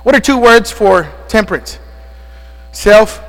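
In a church sanctuary, a male pastor preaches breathlessly, quizzing the congregation and calling out amens in a call-and-response style. His voice is high, animated and fairly bright, delivered slowly. Long church reverb and a mains hum color the recording.

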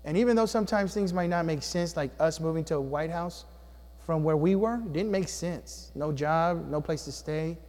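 A man preaching a sermon as a pastor, with animated delivery that swings between loud and hushed. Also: fairly high pitch, normal speed, in a large hall. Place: church sanctuary.

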